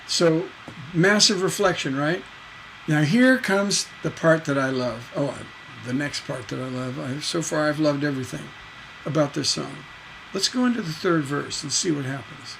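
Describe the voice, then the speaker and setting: A man teaching songwriting on a livestream, taking a lyric apart in a playful, animated way and singing out the syllable patterns as he goes. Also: a little high, normal speed, gravelly, slight background noise, low-quality recording.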